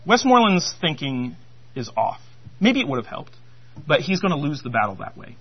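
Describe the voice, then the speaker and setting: A man preaching in a relaxed, talkative way, his voice sitting a little high for a man. He restarts phrases often and leans on fillers as he builds his point. The recording sounds dull and low-fidelity. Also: normal speed, slightly rough. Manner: conversational, animated, with frequent restarts and fillers. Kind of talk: sermon.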